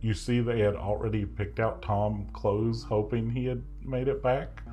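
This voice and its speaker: A male game master narrates in a deep, unhurried voice, chatty and relaxed. Faint guitar music plays in the background. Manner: relaxed, chatty, many fillers.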